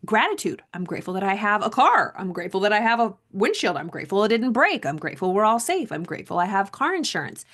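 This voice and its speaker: Woman coach, reads passages then riffs casually with emphatic repeats; middle-pitched voice. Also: sing-song, fast talker, hardly any pauses, a bit bright. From Southern California. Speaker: mindset coach. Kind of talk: reading aloud and reflecting on a self-help book.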